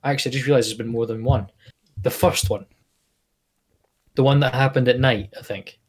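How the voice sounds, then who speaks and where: A man with a mid-range voice chats on a podcast. He tells stories in a relaxed, easygoing way and laughs easily along the way. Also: mid-range voice, fairly quick, breathy edge. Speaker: podcast co-host. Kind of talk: casual chat.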